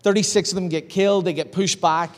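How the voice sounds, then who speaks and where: Northern Irish pastor, chatty sermon. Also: male voice, high voice, quick pace. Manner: conversational, lively storytelling preaching. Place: church hall. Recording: long hall reverb.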